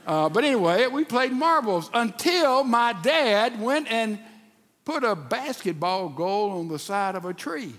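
Older guy preaching in a big hall, highish voice, folksy and animated, long echo. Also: a little slow. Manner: folksy and animated, with stammered restarts. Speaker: pastor. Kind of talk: sermon. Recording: long reverb of a large hall.

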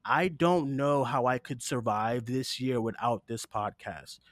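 Teary-eyed at his desktop mic, a podcast host rambles earnestly through casual conversation, swearing now and then. He speaks at a measured pace in a medium-pitched voice, with no room sound audible.

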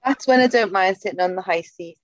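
A woman's voice: mid-range voice, brisk, no echo. A woman co-hosting a podcast over a remote call, cheeky and blunt, laughing often. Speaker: podcast co-host. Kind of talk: casual chat. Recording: dull remote call audio.

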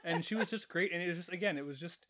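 A man's voice: sits high, very fast, sharp tone, a little hiss or hum. A man chatting casually about his old video store job, rambling with many restarts. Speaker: former video store clerk. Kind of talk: casual chat.

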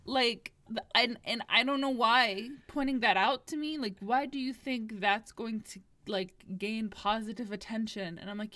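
A woman's voice: on the high side, moderate pace, few pauses, pushed and bright, dry recording. A woman in casual conversation telling anecdotes with a wry, amused manner. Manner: wry storytelling, laughs at her own anecdotes. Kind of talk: casual chat.

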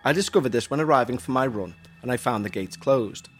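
A man's voice: mid-range voice, animated, brisk, slightly rough, soft background music. A man from Huyton, co-hosting a podcast and reading listener emails aloud in a chatty, jokey way with self-mocking asides. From Huyton, Merseyside, England.

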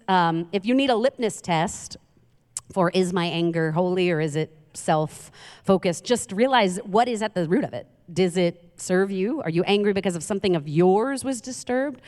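A woman from Queens, preaching a humorous sermon as a guest speaker with chatty, self-deprecating storytelling. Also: medium pitch. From Queens, New York. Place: church sanctuary. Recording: long hall reverb.

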